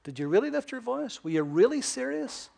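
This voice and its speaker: A man preaching a sermon with emphasis, asking rhetorical questions and swinging between loud and hushed delivery. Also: very high-pitched, big pitch swings, fairly quick, creaky.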